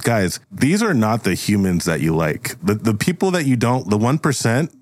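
A man's voice: on the low side, big pitch swings, moderate pace, no room sound, studio quality. A man hosting a comedy podcast who narrates an improvised story in a rambling way, with lots of fillers. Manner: rambling, full of fillers and laughs. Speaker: host and storyteller.

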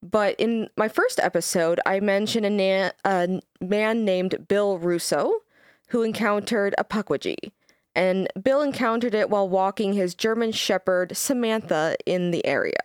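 A woman's voice: mid-range voice, a little slow, smooth, no echo, clean studio sound. A woman co-hosting a podcast, chatting casually and reading quoted passages aloud. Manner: laid-back, reads quoted passages aloud. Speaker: podcast co-host.

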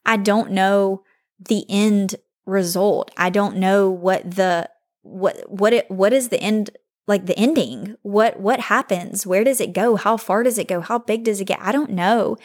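A young woman hosting her own podcast, talking to listeners in an earnest, heartfelt way about faith. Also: medium pitch. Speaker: podcast host. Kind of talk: solo podcast talk.

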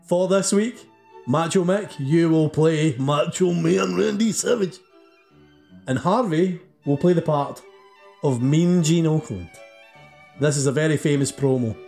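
A man's voice: a little high, measured pace, gravelly, a little mellow, soft background music. A man hosting a wrestling podcast, chatting casually and joking and laughing often. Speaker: podcast host. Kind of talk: casual chat.

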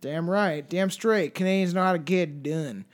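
Man, high-pitched voice, casual true-crime podcast talk, profane and jokey, words trailing off. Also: normal speed. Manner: profane, joking, trails into mumbles. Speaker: podcast co-host.

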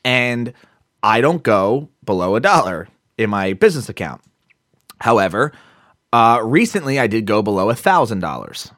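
Lively casual man telling a story on a podcast. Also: on the low side, moderate pace, no echo, studio quality. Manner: animated storytelling with acted-out quotes and swearing. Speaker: podcast co-host.

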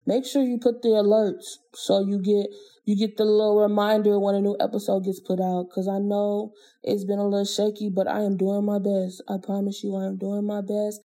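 A woman's voice: medium pitch, level tone, moderate pace, dark tone. A woman hosting her own podcast, talking alone in an earnest, motivational way with casual slang. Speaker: podcast host. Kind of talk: reflective solo podcast talk.

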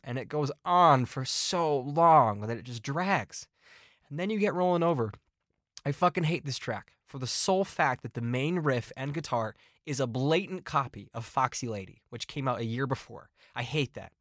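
A man's voice: medium pitch, animated, moderate pace, fairly bright tone, dry recording, clean studio sound. A man hosting a podcast and giving a casual album review. He talks bluntly and swears a lot, and his exasperation comes out in repeated complaints. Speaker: podcast host.

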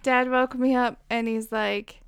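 A woman with a somewhat high voice chats casually, blunt and matter-of-fact. She throws in deadpan asides while recounting family moments. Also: a little slow, smooth, no room sound. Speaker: co-host's sister. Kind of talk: casual chat.

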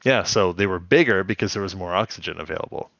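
A man's voice: sits low, quick pace, a bit bright, no room sound, dull audio. A man co-hosting a casual chat, recapping a cartoon episode and laughing often. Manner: laughs often, recaps scenes in acted quotes. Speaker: podcast co-host.

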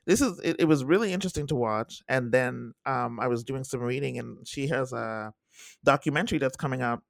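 A young man chatting casually on a podcast, lively and quick to act out what people said. His voice has a gravelly fry, recorded dry and close with no room around it. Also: dry recording. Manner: animated, acts out quotes in high voices. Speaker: podcast co-host. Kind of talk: casual chat reviewing a TV series.

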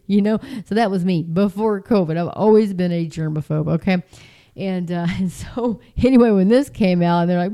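A chatty middle-aged woman, talking straight to her viewers. Her voice is mellow and smooth, and she keeps jumping into high mocking voices. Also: brisk. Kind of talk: casual spoken monologue.

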